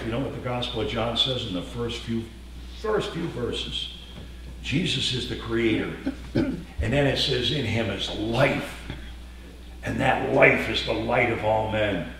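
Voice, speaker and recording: A man preaching a sermon as pastor, folksy and animated, with passages that swell loud. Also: medium pitch. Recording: echoey hall from far off.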